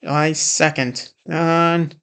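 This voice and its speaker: A man's voice: a little high, steady tone, slow, fairly bright tone, clear, resonant tone. Rambling young-sounding male streamer. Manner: rambling, hesitant, talks over the broadcast. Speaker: streamer reacting to a live game showcase. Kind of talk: casual live-stream commentary.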